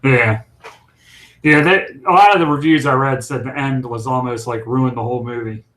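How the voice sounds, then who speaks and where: A man's voice: mid-range voice, moderate pace, fairly bright tone, poor audio. A man co-hosting a casual chat show, talking in a rambling, chatty way. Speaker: co-host.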